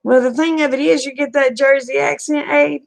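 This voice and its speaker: A middle-aged Southern woman chatting easily with her viewers in a homey, folksy drawl. Her voice sits a touch high and carries a gravelly fry. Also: steady tone, moderate pace. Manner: folksy, chatty, reading and answering viewer comments. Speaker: livestream host. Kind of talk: casual chat with viewers.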